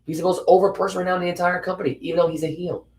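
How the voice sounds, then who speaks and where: A man co-hosting a casual wrestling recap, blunt and ranting, quick to call things terrible. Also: high-pitched, flat delivery. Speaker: podcast co-host.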